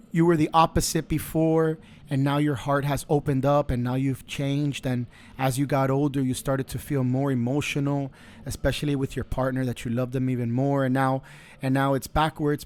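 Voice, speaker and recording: A man with a slightly high voice delivers a motivational podcast monologue. He sounds earnest and preachy, offering faith-based advice and circling back on phrases as he builds each point. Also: a little mellow. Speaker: podcast host.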